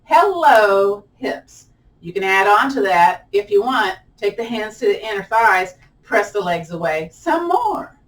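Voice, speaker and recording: A woman's voice: moderate pace, a bit bright, distant mic, low-quality recording. A woman leading a chatty guided yoga class, laughing often and letting her voice jump up when a stretch gets hard. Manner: playful, laughs often, pitch jumps up on effort. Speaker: yoga instructor.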